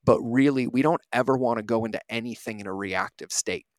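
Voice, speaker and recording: A man's voice: mid-range voice, fairly quick, dry recording. A man in his thirties, a podcast host, giving an earnest, reflective motivational talk and often asking "right?".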